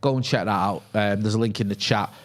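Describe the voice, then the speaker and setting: A man's voice: fairly low pitch, fairly even intonation, quick pace. A man in early adulthood co-hosting a casual live fan chat. He tells stories and keeps tagging his lines with "right?". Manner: chatty storyteller, tags lines with "right?". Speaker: co-host of a fan channel.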